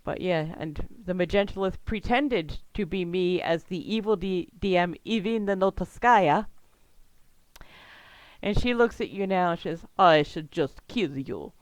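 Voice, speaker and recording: A chatty woman narrates a tabletop game as its game master, often breaking into laughter. Her voice sits fairly low for a woman. The sound is dry and close, with no room echo. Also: measured pace, a little mellow.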